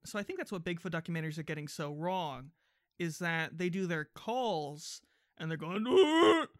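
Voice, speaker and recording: A woman's voice: low-pitched, moderate pace, dry recording, clean studio sound. A woman joking goofily with wordplay in a casual comedic chat over a video call. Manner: goofy, wordplay, bursts into silly voices.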